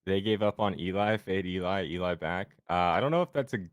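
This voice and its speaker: A man's voice: low-pitched, brisk, dry recording, studio quality. A man hosting a sports betting livestream, chatting loosely and joking with his co-host and chat.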